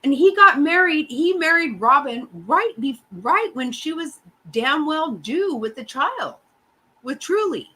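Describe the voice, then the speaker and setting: A woman's voice: sits high, expressive, measured pace, bright, forceful tone, poor audio. A middle-aged woman hosting a casual chat, ranting bluntly and swearing often. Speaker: host.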